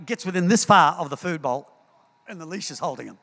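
A man preaching a sermon in a church, telling stories in an animated way and repeating words as he acts scenes out. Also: fairly high pitch, a little fast. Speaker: pastor. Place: church hall. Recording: long hall reverb.

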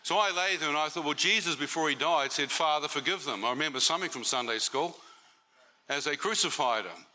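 Bright-voiced man preaching. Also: a little high, brisk. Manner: conversational, asks the audience questions. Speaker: preacher giving testimony. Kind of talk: testimony sermon. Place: church meeting.

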